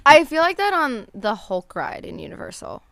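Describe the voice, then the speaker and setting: A young woman chatting as a podcast guest, telling stories in an animated, lively way. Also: a little high, moderate pace, vocal fry, a crowd in the background. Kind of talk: casual podcast chat.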